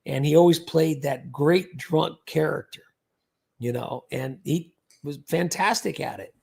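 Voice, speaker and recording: Gravelly older man hosting a livestream. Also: a little high, a little slow, a little mellow. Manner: rambling, chatty, full of fillers. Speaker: host. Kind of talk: casual livestream chat.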